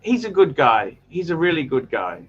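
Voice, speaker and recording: A man's voice: on the high side, sing-song, moderate pace, breathy edge, highs cut off. An Australian man hosting a livestream in casual chat, earnest and repetitive, stumbling over restarts. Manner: earnest, repeats himself, stammers on restarts. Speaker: livestream host.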